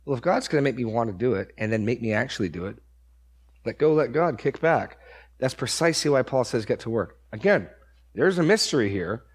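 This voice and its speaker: A pastor delivers a verse-by-verse sermon with a husky, slightly breathy voice. He leans hard on key words, repeats phrases to drive them home, and turns to the congregation with questions. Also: mid-range voice, animated, a little fast. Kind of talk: expository sermon.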